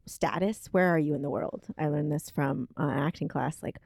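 A woman with a low, gravelly voice co-hosts a casual podcast talk. She thinks out loud, pausing on fillers as she works through her point. The sound is dark and dry. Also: dry recording. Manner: thoughtful, rambling with many fillers. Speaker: podcast co-host. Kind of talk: casual conversational chat. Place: kitchen table.

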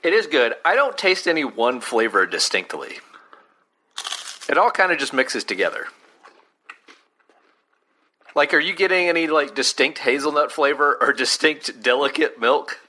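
A man's voice: fairly high pitch, lively intonation, normal speed, long pauses, bright, forceful tone. A man co-hosting a casual snack-tasting chat, dry and wry as he picks the snack apart. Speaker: podcast co-host.

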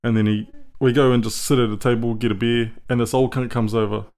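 A man's voice: mid-range voice, steady tone, a little fast, darkish tone. A middle-aged man with a New Zealand accent, a podcast guest telling stories in a laid-back way, swearing freely and laughing through them. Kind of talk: casual storytelling.

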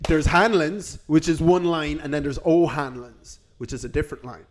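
A man's voice: a little high, fairly even intonation, moderate pace, a little hiss or hum. An Irish man co-hosting a podcast, riffing in casual comic chat with profane, rambling talk. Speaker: podcast co-host.

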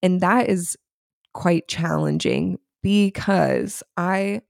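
A woman in her thirties co-hosting a podcast, chatting casually and telling lively stories about parenting a child with diabetes. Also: fairly low pitch, slow pace, creaky, no echo, clean studio sound. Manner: chatty, animated storytelling. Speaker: podcast co-host. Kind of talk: casual chat.

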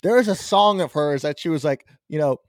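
A young man rants profanely through a casual podcast chat, breaking now and then into squealing mockery of people he dislikes. His voice sits a bit high for a man. The sound is close and dry, with no room around it. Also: fairly quick, dry recording. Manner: profane, ranting, mocks others in squealing voices. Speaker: podcast host.

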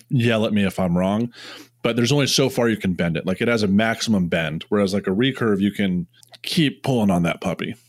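Rambling low-voiced male podcast co-host. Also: dry recording, studio quality. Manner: rambling, filler-heavy, joking. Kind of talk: casual chat.

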